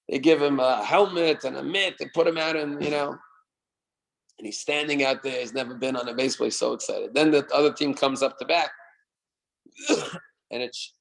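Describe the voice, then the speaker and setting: A man teaching a class as rabbi, his voice gravelly and a little high. He tells his stories in an animated way, acting out the people in them and now and then calling out their shouts. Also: poor audio. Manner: animated storyteller, shouts quoted cheers. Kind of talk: sermon storytelling. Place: synagogue class.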